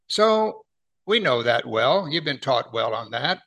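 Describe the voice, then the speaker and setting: Animated and on the high side, with a fairly bright tone, this middle-aged man gives a conversational Bible lesson taken verse by verse. He puts rhetorical questions to his listeners and slows way down when reading scripture aloud.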